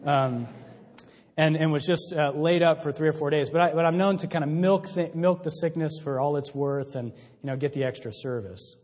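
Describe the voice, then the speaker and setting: A man's voice: on the high side, normal speed, a little mellow. A young adult man preaching a sermon in a conversational way, often restarting and adding asides. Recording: long hall reverb.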